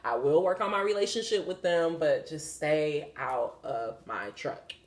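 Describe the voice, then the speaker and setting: A woman's voice: low voice, measured pace. A young woman hosting a podcast, chatting candidly about spiritual signs in a rambling, swearing way. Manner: rambling and profane, with many fillers. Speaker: podcast host. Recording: roomy echo.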